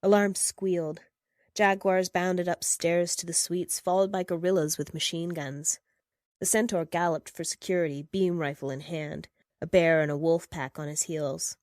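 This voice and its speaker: A woman narrating first-person fiction in a steady, measured reading. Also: fairly low pitch, dry recording, studio quality.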